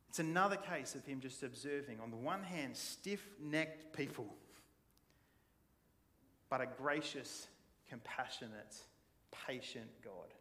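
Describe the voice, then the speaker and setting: A man preaching to a congregation in a relaxed, chatty way, slipping into little acted-out voices as he retells the story. His voice sits a touch higher than most men's. The hall gives a long, lingering echo behind him. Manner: conversational, animated storytelling. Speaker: pastor. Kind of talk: sermon. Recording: long church hall reverb.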